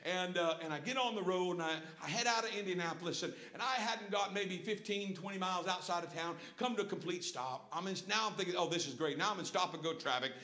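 A middle-aged man preaching a folksy sermon with personal stories, swinging from hushed asides to shouted praise. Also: high voice, quick pace, few pauses. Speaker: pastor. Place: church sanctuary. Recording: echoey church room. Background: congregation calling out responses.

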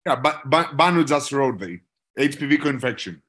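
A man on a panel chatting and joking over a video call, quick to laugh. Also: mid-range voice, expressive, a bit bright. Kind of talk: casual chat.

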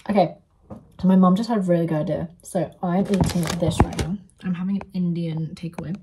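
A young woman chatting casually while eating in a food vlog, sometimes dropping to a soft half-whisper. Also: on the low side, fairly even intonation, a little fast, noisy background. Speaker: vlogger.

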